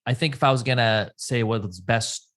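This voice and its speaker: A man's voice: mid-range voice, normal speed, a bit bright. A man co-hosting a podcast in casual chat, wry and self-described as neurotic. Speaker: podcast co-host.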